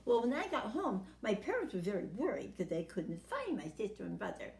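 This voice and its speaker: A man's voice: high voice, wildly swooping pitch, fairly quick, vocal fry, a little mellow, reverberant, pitched below the performer's own voice, exaggerated voice. A woman voicing a greedy, boastful young male worm in a told story.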